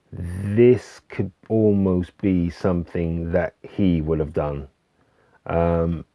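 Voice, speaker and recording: A man casually reviewing albums he recommends, hesitant with many fillers and restarts, relaxed and enthusiastic. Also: deep voice, no echo. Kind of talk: casual music review vlog. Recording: dull lo-fi dry recording.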